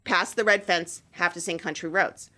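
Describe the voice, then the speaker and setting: A lively woman from the American South chatting casually. Her voice is bright and clear, and she tells stories with lots of laughter and animation. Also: on the low side, normal speed. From Southern United States. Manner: animated storyteller, laughs often. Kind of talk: casual chat.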